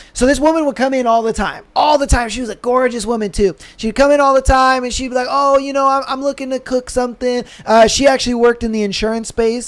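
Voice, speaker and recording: A man co-hosting a podcast, telling a profane story in a casual, animated way with lots of fillers. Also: high voice. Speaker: podcast co-host. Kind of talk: casual chat.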